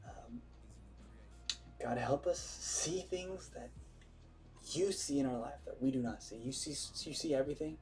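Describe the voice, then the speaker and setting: A man's voice: medium pitch, unhurried, long pauses, darkish tone. A man leading an earnest, emphatic prayer and then explaining it in informal preaching, with many restarts.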